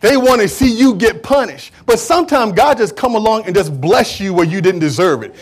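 A man's voice: high voice, animated, fairly quick, husky. A man preaching a sermon in an emphatic, repetitive way, with conversational, streetwise phrasing.

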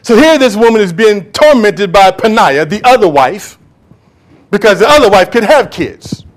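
A male pastor preaching with a notably high voice. He is impassioned, swinging between loud calls and near-whispers. He speaks straight to his congregation and acts out the voices he quotes. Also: very animated, normal speed. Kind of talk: sermon.

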